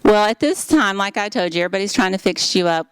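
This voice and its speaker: A woman's voice: medium pitch, animated, quick pace, smooth, dry recording. A woman giving an earnest, heartfelt faith testimony. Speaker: speaker giving a personal testimony.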